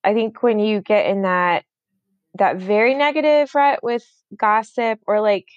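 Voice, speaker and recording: A woman's voice: medium pitch, fairly even intonation, unhurried, no echo, dull audio. A woman in her thirties co-hosting a podcast, rambling in a casual chat with many fillers and restarts. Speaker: podcast co-host.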